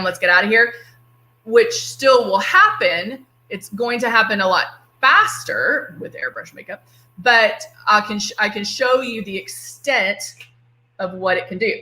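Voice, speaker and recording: A middle-aged woman from Texas, speaking with a Texan accent in a mid-range, bright and forceful voice, hosts a casual live-stream makeup demonstration. She's chatty and playful, greets her viewers by name, and the recording picks up an echoey room.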